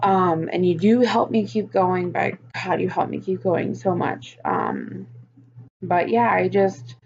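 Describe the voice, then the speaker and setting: A woman's voice: on the low side, sing-song, slow pace, gravelly, darkish tone, muffled recording, a little hiss or hum. A woman talking frankly on her personal vlog, venting about her week and swearing often. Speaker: vlogger.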